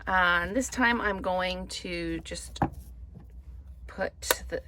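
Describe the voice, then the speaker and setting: A woman's voice: fairly low pitch, slow, pauses often, very noisy. A woman chatting through a card-making tutorial, thinking aloud as she works. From Canada. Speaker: papercraft demonstrator.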